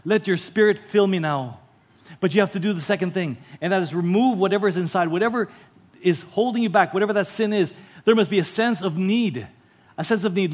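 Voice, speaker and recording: A man's voice: high-pitched, brisk, breathy edge. A man with a Filipino accent preaching a sermon as pastor, telling stories and repeating key lines.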